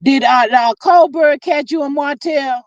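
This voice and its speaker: A woman hosting a casual livestream, reading viewer comments aloud and telling stories with big pitch swings, drawn-out exclamations and frequent laughter. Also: no echo. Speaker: livestream host. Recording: dull lo-fi, dry sound.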